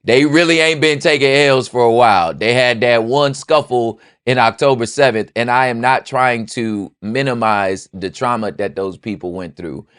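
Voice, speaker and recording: A man's voice: medium pitch, normal speed, few pauses, fairly bright tone, smooth, no echo, clean studio sound. A young man hosting a podcast, giving loose, slangy, joking political commentary. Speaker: podcast host.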